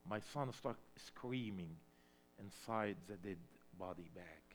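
A man preaching a sermon in English, which is not his first language, swinging between loud emphatic cries and hushed storytelling. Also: low-pitched, slow pace. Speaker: pastor.

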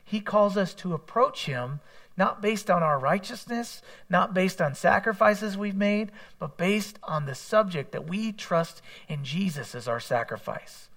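A man's voice: sits high, lively intonation, a little slow, vocal fry, fairly bright tone. A man preaching a sermon in a conversational way, mixing scripture with candid personal asides. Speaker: pastor.

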